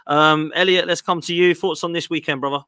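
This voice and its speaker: A man's voice: on the high side, fairly even intonation, brisk, bright, forceful tone, clear, resonant tone, no echo, clean studio sound. A man hosting a football podcast, thanking a guest and moving on to the next panelist. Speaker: host. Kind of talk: casual chat.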